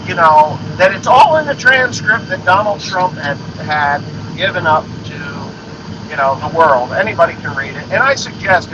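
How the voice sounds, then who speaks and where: High-voiced man, blunt and profane, lo-fi recording with steady noise behind. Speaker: podcast host. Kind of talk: ranting monologue. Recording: dull lo-fi sound with noise.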